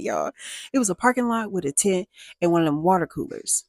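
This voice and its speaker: Casting: chatty young woman storyteller, low voice, dry close-mic sound. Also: a little fast, dry recording. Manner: animated, chatty, slangy asides to listeners. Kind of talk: casual storytime.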